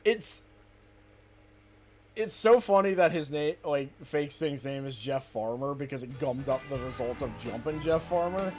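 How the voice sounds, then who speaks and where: A man co-hosting a game stream, relaxed and quick to laugh. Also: mid-range voice, soft background music. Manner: laid-back, quick to laugh. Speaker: streamer co-host. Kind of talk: casual gaming stream chat.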